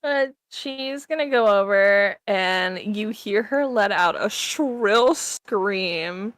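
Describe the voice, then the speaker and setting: A woman's voice: mid-range voice, takes it slowly, fairly bright tone, no echo. A woman running a tabletop game as game master, narrating in a casual, matter-of-fact way.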